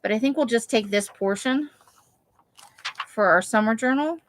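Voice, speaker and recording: A woman's voice: on the high side, normal speed, a little hiss or hum. A woman hosting a live craft session, chatting casually and thinking aloud while she cuts pictures from magazines. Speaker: craft livestream host. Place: home craft room, Las Vegas.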